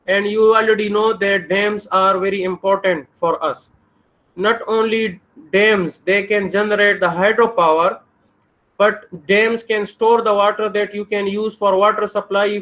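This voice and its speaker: A man's voice: high-pitched, a bit bright, low-quality recording. A man with a Pakistani English accent giving a university engineering lecture, posing questions to the class and answering them himself.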